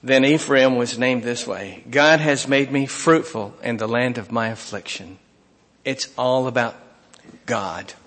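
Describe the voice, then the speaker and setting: Expressive preacher in a reverberant hall. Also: male voice, medium pitch, unhurried, hardly any pauses. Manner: expressive preaching, reads scripture aloud, swings from emphatic to hushed. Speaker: pastor. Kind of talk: sermon.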